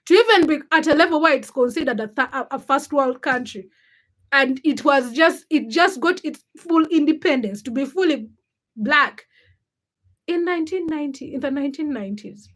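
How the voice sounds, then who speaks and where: Chatting with her audience and reading comments, this twenty-something livestream host talks at normal speed in a high voice. She's animated and outspoken, frequently starting sentences over while working through her thoughts.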